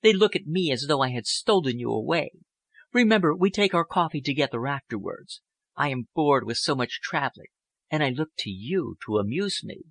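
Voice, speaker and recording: A man voicing a poised, worldly young woman who speaks in a languid, elegant, gently persuasive way. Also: on the high side, animated, moderate pace, gravelly, no echo, heavily acted. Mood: coaxing.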